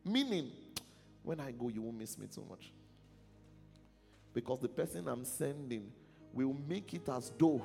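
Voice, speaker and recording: A man's voice: a little high, gravelly. A man preaching a sermon, reading scripture aloud and quizzing the congregation with repeated questions. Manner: animated, call-and-response questions to congregation. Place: church hall. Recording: long hall reverb, faint music.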